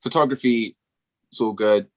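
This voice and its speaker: A young British man, a musician guest on a podcast, talking casually over a remote call, laid-back and quick to swear and laugh. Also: mid-range voice. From England.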